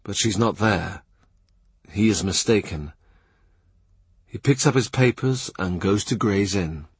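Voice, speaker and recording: A man narrating a literary audiobook in a measured, quiet way. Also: lowish voice, breathy edge, no echo. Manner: measured, quiet, present-tense reading.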